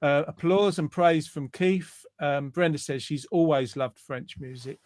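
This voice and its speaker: A talkative male host leans into a video call, reading out viewers' comments and chatting between them. His voice sits a little high. The sound is dry and close, with no room around it. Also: a little slow, a little mellow, dry recording. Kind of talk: casual online show chat.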